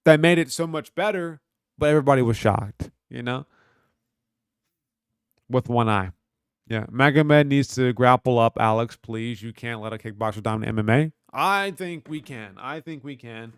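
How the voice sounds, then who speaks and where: A man's voice: mid-range voice, normal speed, smooth, dry recording, studio quality. Profane slangy man on a livestream. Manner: talks back to chat. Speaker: livestream host. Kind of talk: casual livestream chat reading comments.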